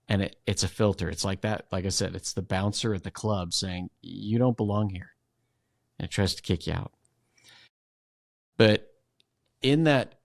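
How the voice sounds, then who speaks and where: A man with a low-pitched voice talks through ideas as a podcast guest, animated and quick to act out the inner voices he describes. The sound is dry and close, with little room around him. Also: dry recording. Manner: animated, acts out inner voices while explaining. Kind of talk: conversational explanation.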